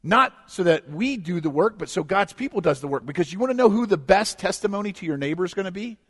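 Male pastor, high tenor, lively conversational sermon delivery, reverberant church hall. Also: fast talker. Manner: animated, conversational preaching with humor and rhetorical questions. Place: church sanctuary.

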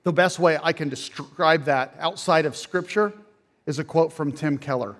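A middle-aged man, a pastor, preaching a sermon that swings from quiet, low phrases to loud, emphatic peaks. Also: moderate pace.

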